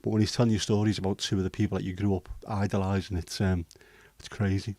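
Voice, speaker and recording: Mellow low-voiced Liverpool man. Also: little pitch movement, fast talker, no room sound. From Liverpool, England. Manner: rambling, hesitant with many ums, mildly sweary banter. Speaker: livestream host. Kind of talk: casual chat answering viewer comments.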